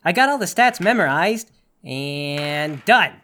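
A man's voice: fairly high pitch, animated, slow pace, pushed and bright. A man playing a tabletop game, goofy and playful in his banter. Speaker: player.

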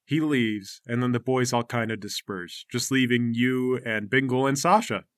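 A man narrating a comedic tabletop game as game master, deadpan and matter-of-fact. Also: medium pitch, normal speed, no room sound, studio quality.

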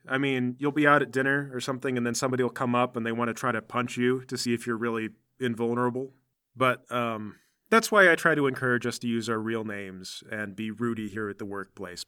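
A man voicing a friendly, down-to-earth male superhero who leads a small team, speaking in a relaxed, reassuring and chatty way. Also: mid-range voice, fairly quick, clean tone, close to an everyday voice. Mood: easygoing.

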